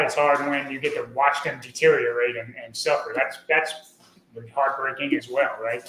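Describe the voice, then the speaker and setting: A man's voice: medium pitch, a bit bright, reverberant, slight background noise, poor audio. A middle-aged man, a podcast guest, talking earnestly in a rambling casual way with many fillers and restarts. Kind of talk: casual conversational interview.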